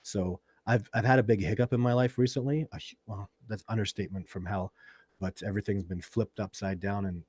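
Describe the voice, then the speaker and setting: A man hosts a live video chat about Sasquatch research, answering viewers' questions and rambling through stories with many restarts and fillers. His voice is fairly low, a little mellow and husky, with fairly even intonation and a brisk pace. The recording is dry.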